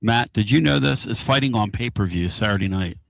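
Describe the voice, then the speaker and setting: A man hosting a casual radio talk show from inside a moving car, excitable and rambling. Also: fairly low pitch, brisk, gravelly, no echo. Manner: excitable, rambling and loud-mouthed.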